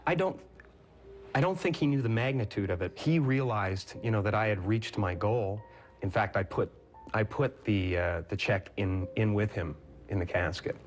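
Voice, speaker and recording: A man answering interview questions, halting and moved, with a touch of self-deprecating humor. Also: on the low side, faint music behind. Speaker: interview guest, actor.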